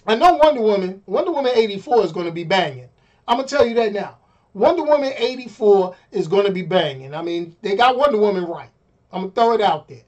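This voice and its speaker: A middle-aged man ranting on a casual live stream, animated and exasperated, often repeating himself. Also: sits high.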